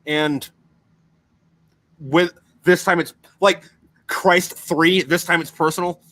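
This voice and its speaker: A man's voice: a little high, fairly even intonation, takes it slowly, a bit bright, no room sound. A man in casual podcast chat who tells stories in a rambling, profane way.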